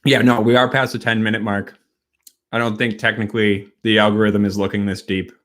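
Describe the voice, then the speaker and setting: A man from Wisconsin hosting a casual late-night livestream, a bit tipsy, rambling and halting as he talks. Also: fairly low pitch, little pitch movement, a bit bright. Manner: rambling, halting, with many fillers and restarts. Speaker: host.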